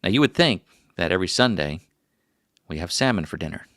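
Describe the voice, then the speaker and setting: A man's voice: low-pitched, lively intonation, a little fast, a bit bright, no room sound, studio quality. A middle-aged man hosting a casual livestream, rambling through stories with self-mocking jokes. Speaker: livestream host.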